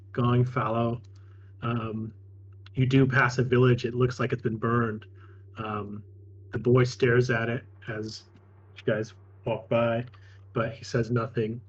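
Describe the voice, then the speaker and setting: A man narrating as game master of a tabletop role-playing game, halting with frequent ums and restarts. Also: medium pitch, lo-fi sound.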